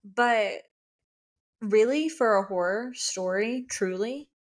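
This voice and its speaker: A woman's voice: medium pitch, slow pace. A young woman co-hosting a podcast, chatting enthusiastically about a book with lots of filler words. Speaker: podcast co-host. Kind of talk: casual book chat.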